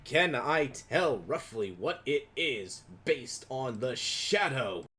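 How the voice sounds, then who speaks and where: A man's voice: medium pitch, animated, takes it slowly, bright, forceful tone, a little hiss or hum. A man playing a tabletop game, joking and talking in character as his hero. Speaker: player.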